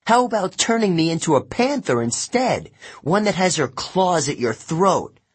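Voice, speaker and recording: A man voicing a fierce, clever teenage girl who speaks in a sharp, commanding way, raised and husky. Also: high voice, sing-song, normal speed, pitched above the performer's own voice, exaggerated voice.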